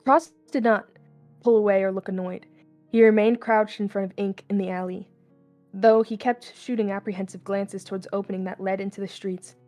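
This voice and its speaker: A young woman reads fan fiction aloud in a casual, unpolished way, often stumbling and restarting. Her mixed accent keeps slipping toward Southern US. The pitch sits at an ordinary middle for a woman. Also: steady tone, a little fast, a little mellow, faint music behind. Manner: casual, stumbling, laughing asides.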